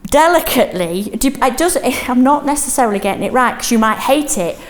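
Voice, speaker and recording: A middle-aged woman leading a teaching workshop in a classroom, lively, often checking in with "yes?". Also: high voice, a little fast, roomy sound. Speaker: teaching trainer.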